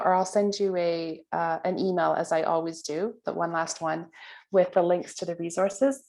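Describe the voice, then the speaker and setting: A woman's voice: fairly low pitch, darkish tone. A woman leading an online training session over a video call, talking casually with many fillers and restarts. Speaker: workshop trainer.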